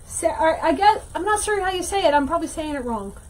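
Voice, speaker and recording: A woman hosting a casual livestream craft tutorial, chatting with viewers and thinking out loud as she works. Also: very high-pitched, animated, fast talker, rough recording. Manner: chatty, reads viewer comments aloud, thinks out loud while working. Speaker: wreath-making teacher and livestream host.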